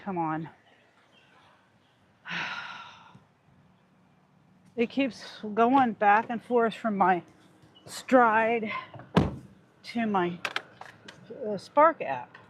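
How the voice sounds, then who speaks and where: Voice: mid-range voice, very slow, long pauses, a little hiss or hum. A gig delivery driver vlogging to viewers, sighing and muttering in exasperation at a glitching phone. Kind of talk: casual vlog talking to viewers.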